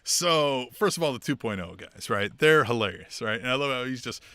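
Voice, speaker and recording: A man co-hosting a wrestling podcast, chatting casually and laughing through excitable retellings. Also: medium pitch, a little fast, no room sound. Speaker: podcast co-host. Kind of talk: casual chat.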